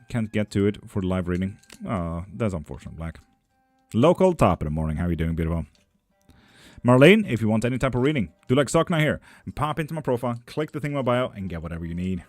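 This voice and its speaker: A man's voice: on the low side, expressive, quick pace, darkish tone, no room sound, soft background music. Teasing, dry-humored male stream reader. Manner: reads chat questions aloud in a lifted voice, then answers dry and teasing. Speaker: live-stream tarot and bone reader. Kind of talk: casual live-stream chat, answering viewer comments.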